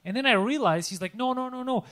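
A man's voice: very high voice, quick pace, fairly bright tone. A young man co-hosting a podcast, telling stories in a loose, swearing, casual chat and acting out quotes. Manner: storytelling, swears a lot, acts out quotes. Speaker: podcast co-host.

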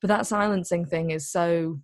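A woman telling a story in a casual, chatty way, full of "like" and quick asides. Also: lowish voice, steady tone, no room sound, studio quality. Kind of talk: casual chat.

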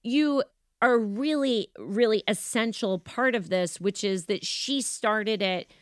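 A woman's voice: mid-range voice, takes it slowly, no room sound. An American woman with an American accent, hosting a podcast interview in a chatty, teasing, emphatic way. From United States. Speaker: podcast host. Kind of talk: casual interview chat.

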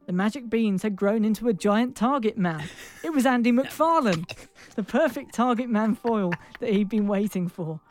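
A woman's voice: on the high side, expressive, moderate pace, a little mellow. A woman narrating a comic fairy tale playfully and laughing at her own slips. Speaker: storyteller.

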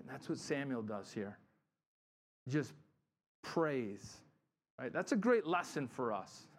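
Animated pastor preaching. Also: male voice, medium pitch, slow pace, pauses often. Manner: animated storytelling, acts out quotes. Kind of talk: conversational sermon.

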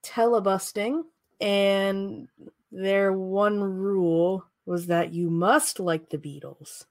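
A woman's voice: mid-range voice, steady tone, takes it slowly, no room sound. A woman chatting casually as a podcast co-host, making sarcastic, jokey guesses and laughing often. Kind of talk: casual chat, guessing at quiz questions.

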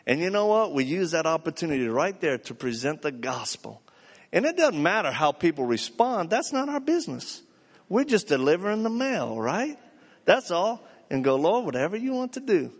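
An older man delivers a live sermon, his voice pitched a little high for a man. He tells stories with lively energy, slipping into the voices of the people in them. A long hall reverb trails behind each phrase. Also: moderate pace. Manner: animated, acts out dialogue in his stories. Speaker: preacher. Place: large hall before a live audience.

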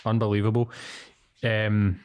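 A man's voice: lowish voice, flat delivery, unhurried, a little mellow, smooth. A Scottish man co-hosting a podcast, chatting and loosely ad-libbing a sponsor read, laughing easily. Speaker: podcast co-host. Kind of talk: casual chat and read sponsor ad.

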